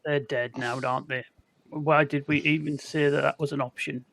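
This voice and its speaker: A man's voice: on the high side, little pitch movement, moderate pace, gravelly, fairly bright tone. Joking older man playing a tabletop game. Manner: joking, riffing playfully. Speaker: player. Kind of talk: casual tabletop game play.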